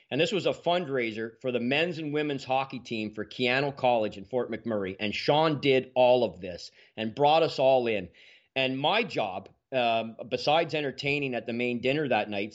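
A man, a podcast guest telling stories in a lively way and acting out the dialogue. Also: medium pitch. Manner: animated, acts out quoted dialogue. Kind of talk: casual storytelling. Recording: dull lo-fi sound.

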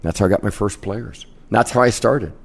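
A man in his fifties, originally from Kansas, spins brash, animated anecdotes about his casino-host career in a podcast interview. His voice sits very low and carries a rough, gravelly edge. He talks with swagger and punchy timing. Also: a little fast.

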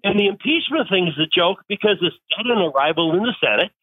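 A man calls in to a talk radio show and talks in halting, stammering bursts. His voice is fairly high and comes through a thin, tinny phone line. The sound is dry, with no room around it. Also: animated, husky, dry recording. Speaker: caller. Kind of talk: call-in conversation.

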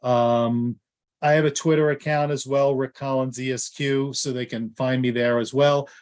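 A male actor and lawyer tells stories as a guest in a loose, casual way. He rambles, restarts his sentences often and fills pauses with ums. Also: mid-range voice, a little mellow. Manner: rambling, with many fillers and restarts. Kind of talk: casual anecdotal storytelling.

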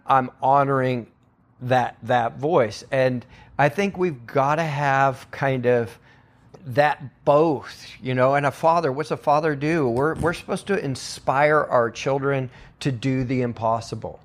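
A man who is a church pastor, a guest in a podcast conversation, telling stories earnestly and acting out the voices of the people in them. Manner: earnest storyteller who acts out quotes with big pitch jumps.

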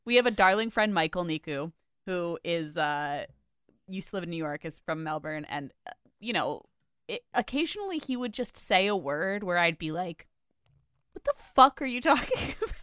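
A woman co-hosting a podcast, chatting casually in an animated, gushing way, full of filler words. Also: on the low side, moderate pace, clean tone, dry recording, studio quality. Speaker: podcast co-host. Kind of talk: casual chat.

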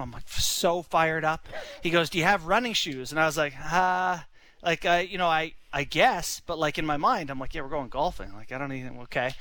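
Rambling young man, high bright voice, casual anecdote. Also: rough recording. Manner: rambling, lots of "you know" and "like". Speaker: son-in-law telling a story. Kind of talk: casual storytelling.

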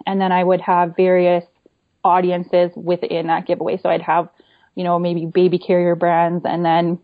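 A woman's voice: on the low side, completely flat delivery, normal speed. A woman talks in an easy, explanatory way as an interview guest, often tagging her points with "right?" and "you know". The sound is dull and lo-fi. The room is dead and dry, with no echo at all. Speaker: guest, small online shop owner. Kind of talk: casual interview chat. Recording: dull, lo-fi dry remote audio.

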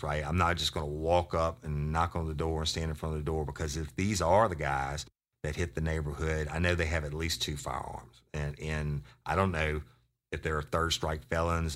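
A man, a podcast host and former deputy, telling a profane, animated story. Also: extremely low pitch.

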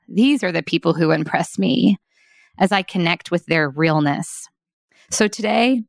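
A middle-aged woman with a lowish voice delivers a daily encouragement podcast. She is heartfelt and reflective, laughing softly and slowing down to dwell on lines she loves. The recording is close and completely dry. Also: gravelly, dry recording. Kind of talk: warm reflective monologue, partly read.

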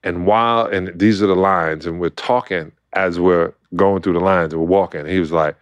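A middle-aged man from Brooklyn, an animated storyteller who acts out quotes and laughs often, talking as a guest in a casual interview. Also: deep voice, moderate pace, smooth, no echo. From Brooklyn, New York. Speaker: guest, former basketball player.

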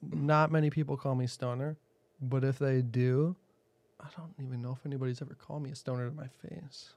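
A man's voice: medium pitch, fairly even intonation, fairly quick, darkish tone, no echo. A man who hosts a podcast, answering interview questions in a blunt, profane, laid-back way and laughing often. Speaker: podcast host.

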